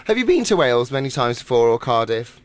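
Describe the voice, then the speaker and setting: A man presenting a radio show, putting plain, steady questions to a guest. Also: mid-range voice, fast talker. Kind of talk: radio interview chat. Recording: noisy radio studio mic.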